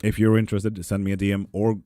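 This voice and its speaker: A young man chatting casually on a live stream, reading viewer comments, relaxed, swearing freely and cheering people on, a little ill and foggy. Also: lowish voice, quick pace, dry recording, soft background music. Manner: laid-back, swears freely, upbeat cheering. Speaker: live tarot and spell streamer.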